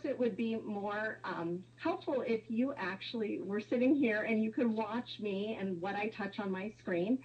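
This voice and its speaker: A woman's voice: fairly high pitch, muffled recording, slight background noise. A woman presenting a webinar, explaining step by step with some fillers.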